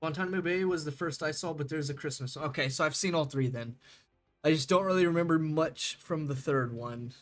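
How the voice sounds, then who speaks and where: A man's voice: a little high, a little fast, soft background music. A young man streaming a game, chatting casually with viewers, rambling and laughing, swearing freely.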